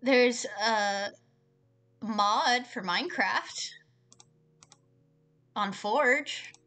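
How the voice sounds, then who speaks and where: A young woman with a somewhat high voice plays a visual novel on a live stream from home. She reads the story lines aloud, then drops into loose, chatty asides and mock exasperation at the game. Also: drawn-out words, pushed and bright, faint music behind.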